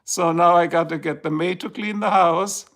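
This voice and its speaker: A high, slightly bright male voice keeps a steady tone at a moderate pace. The speaker, a German livestreamer at home by his garage, launches into a casual rant full of exaggerated cursing and complaining.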